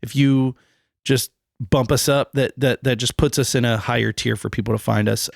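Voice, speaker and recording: A man with a gravelly, rough-edged voice wraps up a casual podcast in a loose, rambling, joking way. The sound is dry and close to the mic. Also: mid-range voice, fairly even intonation, moderate pace, no room sound. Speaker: podcast co-host.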